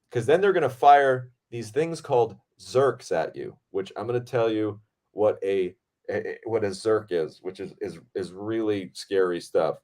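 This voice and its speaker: A man hosting a podcast, telling a set story in a casual, animated way, with frequent swearing and fillers. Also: on the low side, unhurried. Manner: animated, profane, lots of fillers. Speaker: podcast host.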